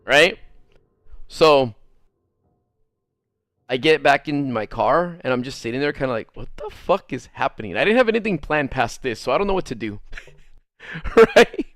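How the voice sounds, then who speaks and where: A man streaming a game while telling a story in casual chat, animated, swearing freely and laughing often. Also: on the high side, unhurried, pauses often, no echo, studio quality.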